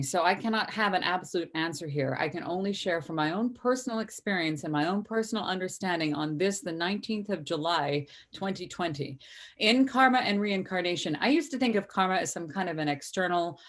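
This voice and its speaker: A woman's voice: fairly low pitch, expressive, a little fast. A woman hosting a live-stream discussion over a video call, chatty and earnest, reading viewer comments aloud. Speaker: host.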